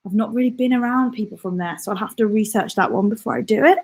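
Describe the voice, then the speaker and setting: A woman's voice: medium pitch, fast talker, a little mellow. A young woman with a mixed West Midlands and southern English accent, chatting casually as she answers viewer comments on a live stream and laughs often. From West Midlands, England. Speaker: YouTuber and comedian.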